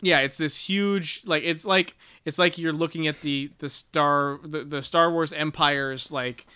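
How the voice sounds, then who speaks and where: A man's voice: fairly high pitch, fairly even intonation, measured pace, sharp tone, clean tone. A man co-hosting a casual book podcast, summarizing a chapter in a rambling, profane way with lots of fillers. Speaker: podcast co-host.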